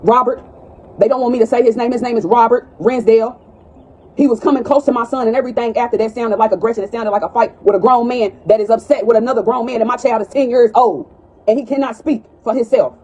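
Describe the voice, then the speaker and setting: A woman's voice: on the high side, fairly even intonation, fast, darkish tone, breathy edge, low-quality recording. A mother confronting school staff indoors, distraught and pleading, repeating her accusing questions, filmed on a phone.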